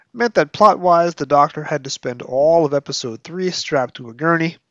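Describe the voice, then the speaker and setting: A man's voice: medium pitch, fairly bright tone, no room sound. Podcast host, man, analytical and wry, reads excerpts; dry, dull lo-fi recording. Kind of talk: book review with read-aloud excerpts.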